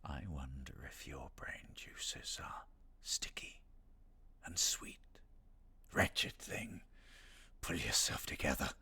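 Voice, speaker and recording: A man voicing a sinister male inner voice in a whispered role-play, hushed and menacing. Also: very deep voice, slow, breathy edge, voice pushed down, heavily acted.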